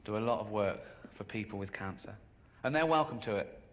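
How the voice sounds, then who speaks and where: A man performing a stand-up routine on a live stage. He tells stories deadpan and breaks into sudden high-pitched outbursts. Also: a little fast. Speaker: stand-up comedian.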